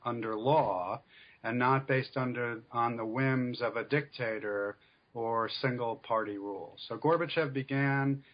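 A male author answering interview questions in a measured, explanatory way with frequent fillers. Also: mid-range voice, lo-fi sound. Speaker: author guest.

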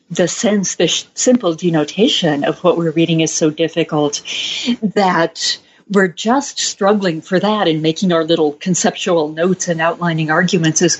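A woman speaks slowly and thoughtfully, her voice slightly husky and a little low. She answers interview questions in a measured, reflective way. The recording sounds dull and lo-fi. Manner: reflective, measured, with soft laughs. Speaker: author being interviewed.

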